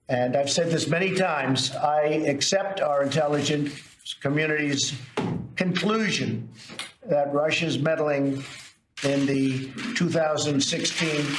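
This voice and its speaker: A male politician giving a public statement at a press event, in a slightly high voice. He repeats himself and keeps circling back to restate his points. The clip sounds roomy, with faint noise behind him.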